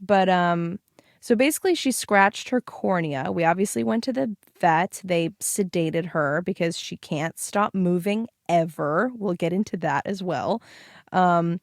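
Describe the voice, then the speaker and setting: A woman's voice: lowish voice, measured pace, no echo, studio quality. A woman co-hosting a casual podcast, chatting loosely with lots of fillers. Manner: chatty, lots of ums and likes. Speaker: podcast co-host. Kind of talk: casual chat.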